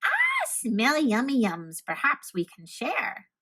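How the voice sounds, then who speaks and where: A cheerful, grinning storybook badger who offers to share his snacks, as a woman puts him on. He speaks slowly and a little lower than the narration. A woman reads him aloud. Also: huge pitch swings, sharp tone, slightly rough, heavily acted. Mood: friendly. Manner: cheerful, sharing. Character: friendly grinning male badger. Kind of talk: children's picture book read-aloud.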